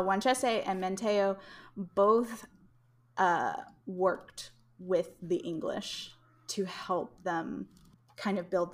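A young woman hosting a casual podcast, telling history in a rambling way with frequent laughs. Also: fairly low pitch. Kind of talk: casual chat.

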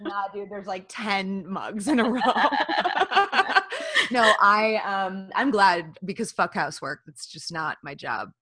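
A woman's voice: medium pitch, expressive, slow pace, sharp tone. A woman co-hosting a podcast in casual chat, loose and jokey, swearing freely and laughing often. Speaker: podcast co-host.

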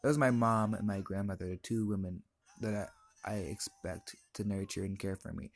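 A man's voice: sits low, steady tone, normal speed, creaky. A teenage boy hosting his own podcast, telling a personal story in an earnest, emotional, confiding way. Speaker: podcast host.

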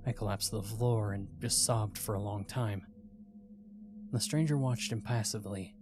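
A man with a fairly low voice narrates a first-person horror tale. His delivery is tense and dramatic. Faint music plays beneath his narration. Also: fairly even intonation, normal speed.

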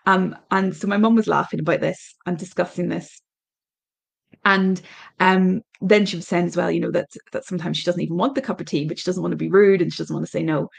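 A middle-aged Irish woman speaks on her parenting podcast, her voice low-set, gravelly and husky. She talks in a reflective, searching way, pausing often and restarting her sentences. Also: steady tone. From Ireland. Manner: thoughtful, hesitant with many ums and restarts. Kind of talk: reflective solo podcast talk.

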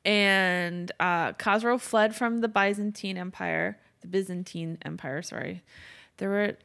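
A young woman with a fairly low, creaky, fairly bright voice slowly retells a stretch of history for her podcast. It's casual storytelling chat, and she rambles, swears, and corrects herself along the way.

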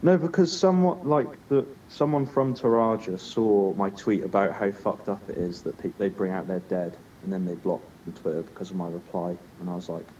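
A man's voice: low-pitched, brisk, hardly any pauses, dark tone, far from the mic, muffled recording, a little hiss or hum. A young man co-hosting a podcast, chatting casually with crude, teasing banter. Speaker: podcast co-host. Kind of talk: casual chat.

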